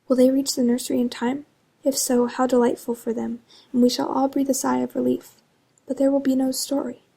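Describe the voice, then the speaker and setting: Brief: quiet woman narrator, husky and flat, reading a bedtime story. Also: fairly high pitch. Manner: hushed, partly whispered. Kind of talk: soft-spoken storybook reading.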